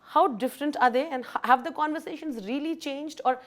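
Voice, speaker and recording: A woman's voice: sits high, brisk. Woman interviewer asking questions.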